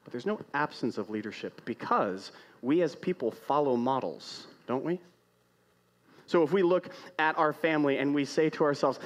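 A man delivering a sermon to a congregation. He talks in a conversational way and keeps posing rhetorical questions, rising to loud emphatic lines and then dropping to quiet, hushed ones. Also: fairly high pitch, animated, normal speed. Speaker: pastor.

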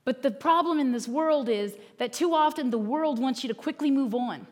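A woman's voice: high-pitched, moderate pace, darkish tone. A woman pastor giving a sermon in an earnest, conversational way.

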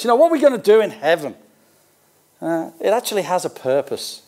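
High-voiced older Australian pastor preaching. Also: male voice, sing-song, brisk, darkish tone. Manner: conversational, with folksy asides between scripture readings. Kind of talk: sermon.

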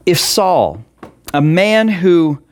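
Earnest, slow-speaking male pastor. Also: sits high, sing-song. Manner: earnest, emphatic, repeats key words with long pauses; asks listeners direct questions. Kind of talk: online sermon.

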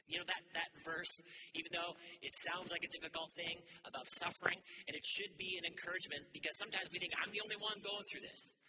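A man's voice: high-pitched, level tone, fast, heavy background noise. A man, a lead pastor, preaching a sermon in an earnest way that builds to emphatic peaks.

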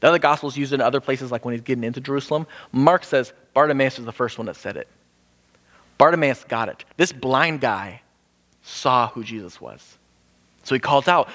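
Male preacher, animated storyteller who bursts high for quoted voices, hall echo. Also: brisk. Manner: animated, acts out quoted voices with sudden pitch jumps. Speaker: pastor. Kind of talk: sermon. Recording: hall with long reverb.

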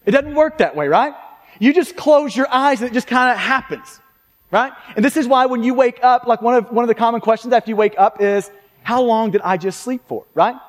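A man's voice: extremely high pitch, fairly quick, in a large hall. A man preaching a sermon in a conversational way, often asking "right?" and restarting sentences. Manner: conversational, frequent tag questions and restarts. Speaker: pastor.

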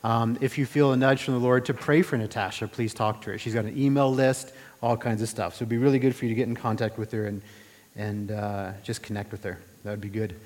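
A man preaching a sermon in a relaxed, conversational way, asking rhetorical questions and often restarting his phrases. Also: fairly low pitch, a little fast. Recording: reverberant hall.

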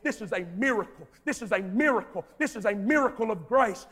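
A man preaching a sermon, repeating phrases for emphasis and swinging between soft, intimate prayer and shouted exhortation. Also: high-pitched, animated, brisk, big-room sound.

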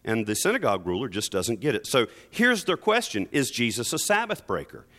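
A man preaching a sermon, moving between soft explanation and emphatic stresses. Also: medium pitch, very animated, a little fast. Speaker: pastor.

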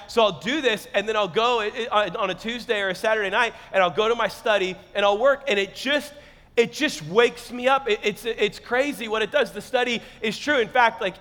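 High-voiced pastor in a reverberant hall. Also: male voice. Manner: conversational and joking, bursting into loud shouted lines. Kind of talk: sermon.

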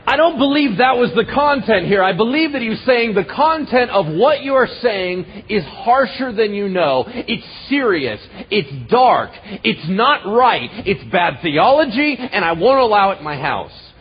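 Man, sermon, lively rising and falling pitch, raspy, muffled lo-fi recording. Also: normal speed, hardly any pauses, a little hiss or hum. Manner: conversational, dramatic swings from loud to hushed. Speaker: pastor.

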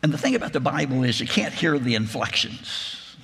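A man retells a gospel story in a sermon, reflective and imaginative, his mid-range voice swinging widely in pitch. He speaks a little fast with a creaky, fairly bright, slightly rough tone, and the large hall adds long reverb.

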